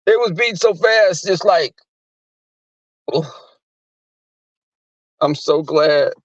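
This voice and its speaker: A man's voice: on the high side, expressive, takes it slowly, no echo. A man hosting a livestream, talking crudely and rambling in casual chat, often laughing. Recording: dry muffled recording.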